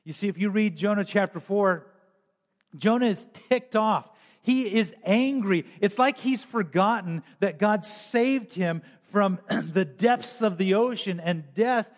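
Pastor guy preaching, pretty high voice, clears his throat a lot, big echo tail. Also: a little slow. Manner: preaching with emphatic rises and many throat clears. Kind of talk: sermon.

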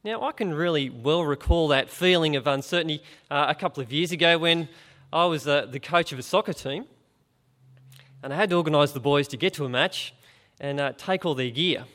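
A man's voice: a little high, brisk, a bit bright. A middle-aged man gives an informal gospel talk, speaking conversationally and asking his listeners direct questions. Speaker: preacher.

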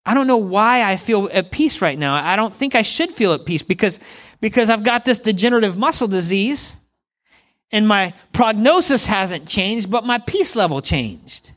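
A man's voice: sits high, big pitch swings, moderate pace, a bit bright. A middle-aged man preaching a conversational sermon, calling on the congregation to respond to him. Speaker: pastor.

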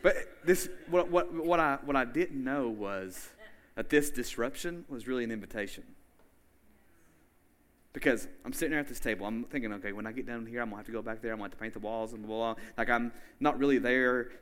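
A man's voice: mid-range voice, fairly quick, fairly bright tone. A man preaching a sermon in a casual, conversational way, often saying "like" and checking in with his listeners. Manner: casual and chatty, with frequent "like" and questions to the listeners.

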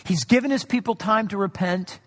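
A man preaching a sermon in a conversational way, acting out quoted voices with shifts in pitch. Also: brisk, a bit bright, long reverb tail. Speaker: pastor.

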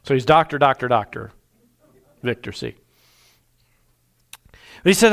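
A man preaching a sermon, folksy and conversational, slowing down for emphasis and speeding through asides. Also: mid-range voice, expressive, a bit bright. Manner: folksy, varies pace from slow emphatic to rapid asides. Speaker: pastor. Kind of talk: sermon with storytelling.

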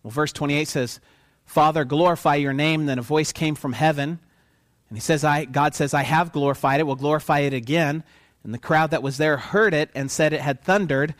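A man preaching a sermon who keeps asking his listeners questions and pauses for their answers, swinging from quiet to loud for emphasis. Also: fairly high pitch, fairly even intonation, no echo, studio quality.

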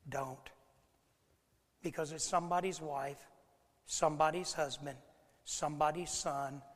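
A man preaching a sermon as a pastor, swinging from hushed, halting speech to shouting with repeated words. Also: fairly high pitch, long reverb tail. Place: church hall.

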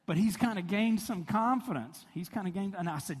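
A middle-aged pastor speaks in a high, slightly rough voice at normal speed, pausing often. He tells personal stories in his sermon in a conversational, chatty manner and laughs along, all in a hall with long reverb.

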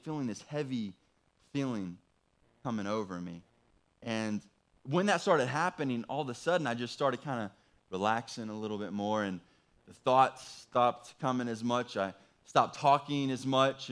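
A man preaching a sermon as a pastor, telling a personal story in a casual way, swinging between loud pleading and hushed, soft talk. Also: medium pitch.

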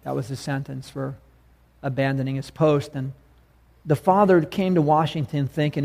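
A man's voice: mid-range voice, little pitch movement, moderate pace, vocal fry, darkish tone. A male preacher delivering a sermon in a conversational, emphatic way, often asking his listeners questions.

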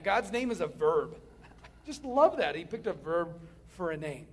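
A man preaching a sermon, swinging from loud emphatic lines down to hushed near-whispers. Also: a little high, sing-song, measured pace, breathy edge.

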